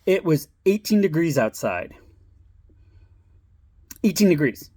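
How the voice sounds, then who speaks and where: A man's voice: a little high, very animated, slow, a little mellow, slightly rough, dry recording, clean studio sound. A middle-aged man telling a personal story in a rambling, casual way, swearing and laughing as he goes. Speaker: vlogger.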